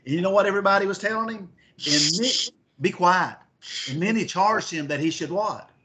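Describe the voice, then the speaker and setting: A man's voice: sits high, fairly quick, pushed and bright. A man teaching a Bible lesson, reading scripture aloud and asking his listeners questions. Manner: asks the class questions, reads scripture aloud.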